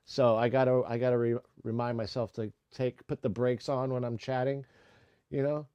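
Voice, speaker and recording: A man's voice: mid-range voice, little pitch movement, normal speed, dark tone, clear, resonant tone, no echo, lo-fi sound. A man hosting a casual music-making live stream, rambling with lots of fillers and restarts. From United States.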